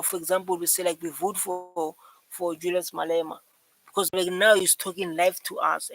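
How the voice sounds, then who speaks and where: A man's voice: high-pitched, gravelly, sharp tone, low-quality recording. A man with a South African accent giving a rambling, repetitive reaction commentary, full of fillers. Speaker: reaction video host.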